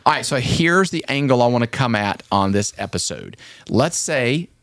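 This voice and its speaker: A man's voice: mid-range voice, big pitch swings, normal speed, creaky, fairly bright tone, no room sound. Male podcast host in his 40s, earnest chatty talk, close dry studio sound. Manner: earnest, conversational, laughs often.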